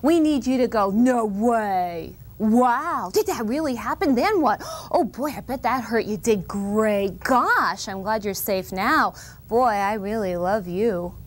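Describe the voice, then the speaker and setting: A woman's voice: fairly high pitch, expressive, a little slow. A woman playing an earnest, precocious little girl who lectures her parents in a solemn, mock-formal comic monologue. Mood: pleading. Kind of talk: comedic monologue.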